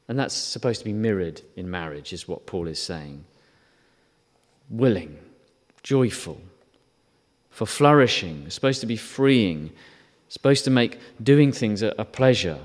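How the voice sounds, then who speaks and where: A man's voice: lowish voice, very animated, normal speed. A man preaching a sermon in a conversational way, asking rhetorical questions and briefly acting out quotes. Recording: long reverb.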